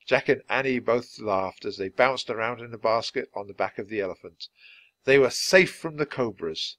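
A man reading a children's book aloud, at a steady, clearly paced speed for language learners. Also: medium pitch, dry recording. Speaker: storybook reader.

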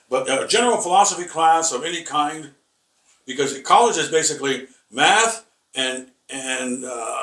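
A man teaching a rambling Bible lesson, halting and repeating words with many fillers, emphatic and combative. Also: on the high side, a bit bright. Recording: echoey room, voice from far off.

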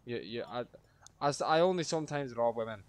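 A young man streaming a game, swearing constantly and breaking into shouted rants. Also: mid-range voice, lively intonation, a little fast. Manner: foul-mouthed, ranting, erupts into shouting. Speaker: gaming streamer. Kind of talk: casual gameplay commentary.

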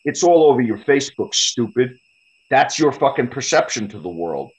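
A man's voice: mid-range voice, sing-song, moderate pace, poor audio. A man, a guest fighter on a podcast interview, talking in a profane, confrontational and boastful way. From United States.

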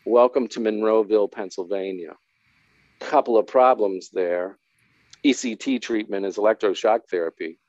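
A man's voice: medium pitch, a little mellow, no echo. A man telling his recovery story in a candid interview, rambling and self-deprecating with wry humor. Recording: dull, dry lo-fi sound.

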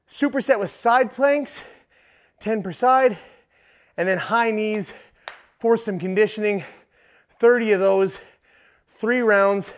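A man working as a fitness trainer, counting reps aloud and giving upbeat, encouraging cues while he exercises along. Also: high voice. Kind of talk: workout coaching.

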